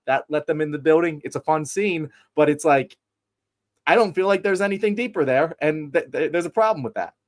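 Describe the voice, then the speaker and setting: A man co-hosting a casual film podcast, animated and profane, often stumbling over repeated words. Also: a little high, a little fast. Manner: animated, profane, stammering restarts. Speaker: podcast co-host.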